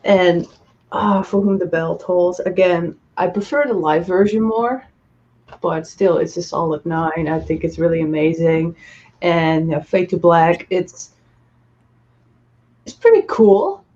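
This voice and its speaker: A woman co-hosting a casual music chat, relaxed and quick to laugh as she rates songs. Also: fairly low pitch, lo-fi sound, a little hiss or hum. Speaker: co-host.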